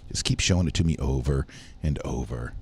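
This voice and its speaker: A man's voice: a bass voice, brisk, slight background noise. A man hosting a casual news chat show, rambling through stories with many fillers. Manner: rambling, rough news rundown full of fillers. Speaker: host.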